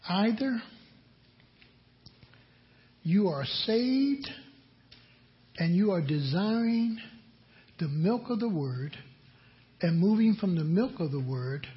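An older man preaching a sermon as pastor, slow and emphatic, repeating his key lines. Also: high-pitched, expressive. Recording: dull lo-fi audio.

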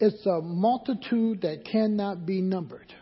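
Male preacher, high husky voice, slow deliberate sermon, dull recording with long hall reverb. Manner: call-and-response questions to the congregation.

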